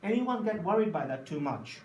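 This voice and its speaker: A man teaching a class, telling a story in lively acted voices and often asking if the class follows. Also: sits high, brisk. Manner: storytelling, acts out voices, checks understanding often. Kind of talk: class lecture. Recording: echoey room from a distance, faint noise.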